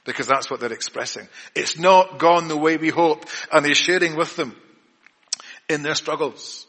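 A man's voice: on the high side, normal speed, fairly bright tone. A man preaching an evening church sermon in an earnest way, often repeating words and restarting. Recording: long reverb of a church hall.

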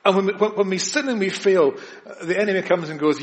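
Man, preaching a sermon, earnest, emphatic, somewhat high voice, long hall reverb. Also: animated, brisk.

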